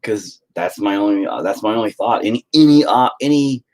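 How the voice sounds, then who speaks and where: A man's voice: fairly low pitch, expressive, a little fast, a little mellow. A man, a father, ranting profanely and rambling on a casual live stream, slipping into mock voices. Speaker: livestreamer and father.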